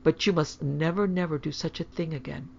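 A woman voicing an anxious, proper mother who fusses and gently scolds in a storybook reading. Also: sits low, steady tone, fairly quick, gravelly, lo-fi sound, a little hiss or hum. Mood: scolding.

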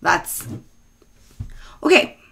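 A woman's voice: very slow, bright, forceful tone. A woman vlogger in a casual rant to camera, talking in a profane, sarcastic way.

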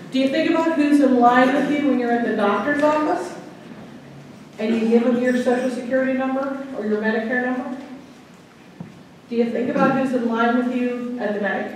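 A woman's voice: fairly high pitch, a little hiss or hum. Chatty woman speaker in an echoey room. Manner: chatty, storytelling, checks in with the audience. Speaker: guest speaker. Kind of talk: anecdotal talk to a club audience. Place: meeting room. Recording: echoey room, mic at a distance.

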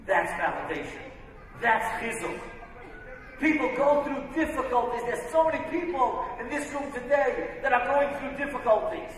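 Recorded at a distance in an echoey hall, a male rabbi and speaker gives an inspirational sermon full of emphatic storytelling. He has a very high, slightly bright voice with lively intonation and speaks at a moderate pace.

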